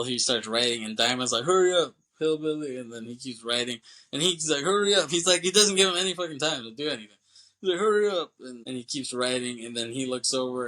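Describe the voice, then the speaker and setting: Young male podcaster, bright forceful tone, loose rambling recap with quick character impressions. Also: mid-range voice, rough recording. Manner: rambling retelling, quoting characters with quick voice shifts. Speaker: podcast co-host. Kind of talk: casual movie recap.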